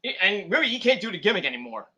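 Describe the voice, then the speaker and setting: Very animated, the young host of a wrestling stream speaks in a high, bright, forceful voice. His rambling casual commentary includes scenes acted out with quick put-on voices.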